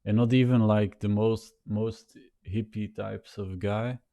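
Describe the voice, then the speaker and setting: Slow, gravelly, nasal man thinking aloud. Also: lowish voice, steady tone, mellow, dull audio. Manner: halting, self-conscious, repeats words and restarts. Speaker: vlogger. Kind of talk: rambling thinking-aloud monologue. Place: sitting in front of a camera.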